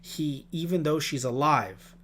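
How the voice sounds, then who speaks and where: A man hosting a podcast, chatting casually about a show, animated and swearing, sometimes arguing with himself for a laugh. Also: on the high side, measured pace, a little hiss or hum. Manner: animated, swearing, mock-argues with himself in bits. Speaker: podcast host. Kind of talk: casual review chat.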